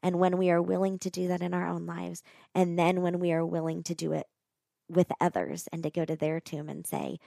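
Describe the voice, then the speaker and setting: A woman recounts a personal story in a conversational, earnest way, often using "like." Her voice sits low with a gravelly fry. The sound is dry and close. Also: fairly quick, dry recording. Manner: earnest, animated, often says "like". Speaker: guest telling a personal story.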